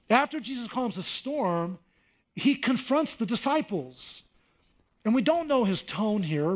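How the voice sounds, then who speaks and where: A middle-aged man preaches in a high, light voice. He talks the way a pastor talks to his congregation, in an easy conversational tone, then pushes into animated emphasis to land his points. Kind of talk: sermon.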